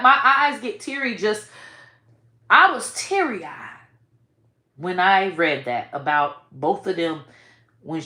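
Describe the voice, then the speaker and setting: A woman giving blunt, profane commentary with sudden loud outbursts. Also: medium pitch, echoey room. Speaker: online commentator. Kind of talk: casual commentary.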